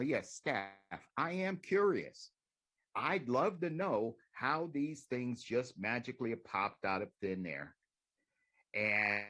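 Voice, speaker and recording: A sarcastic man at a council meeting podium, needling the members in a slow, unhurried delivery. His pitch swings widely as he mocks and questions, rambling between jabs. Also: pushed and bright. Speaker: public commenter at city council. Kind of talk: public comment speech.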